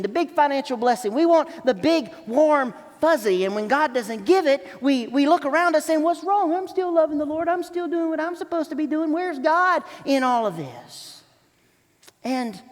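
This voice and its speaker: A male pastor preaching a sermon in a church, acting out grumbling voices in an animated way. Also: very high-pitched, big-room sound. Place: church sanctuary.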